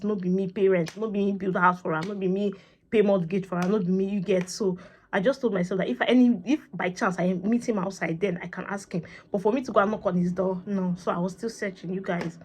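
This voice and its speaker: A woman with a Nigerian accent vlogging, telling a personal story in a lively, chatty way and slipping into Pidgin phrases. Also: medium pitch, fast, slight background noise. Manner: animated, acts out conversations, mixes in Pidgin phrases. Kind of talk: casual storytelling to camera.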